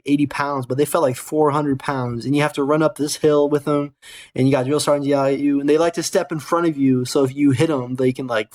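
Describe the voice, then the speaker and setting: A young American man hosting a gaming channel, telling a casual, rambling, profane story with self-corrections. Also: on the high side. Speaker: gaming channel host and soldier.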